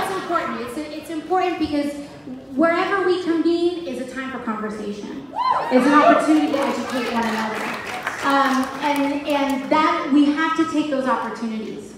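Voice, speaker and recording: Addressing a rally crowd indoors, this political candidate from the Bronx, New York, is a young woman with a high-pitched voice giving a casual, unscripted talk. She chats freely, leans heavily on "like," keeps restarting and laughs readily. The recording comes from a distance in an echoey hall full of loud crowd noise.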